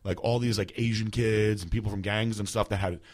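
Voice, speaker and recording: A man with a very low voice tells a long personal story in a loose, casual way. He talks in a rambling manner, full of fillers and restarts. He sounds like a host in his thirties chatting on a podcast. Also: steady tone, a little fast.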